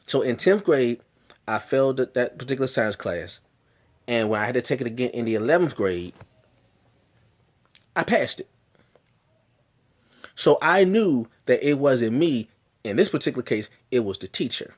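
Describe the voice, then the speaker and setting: A man's voice: mid-range voice, lively intonation, normal speed, long pauses. Male vlogger, mid-range voice, earnest and emphatic storytelling with repeated restarts. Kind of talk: personal storytelling.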